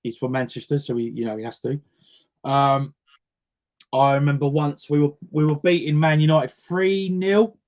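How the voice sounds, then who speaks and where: At normal speed, his fairly high, slightly mellow voice keeps a fairly even intonation. He's a guest singer in a casual interview, telling stories and performing the voices of the people in them.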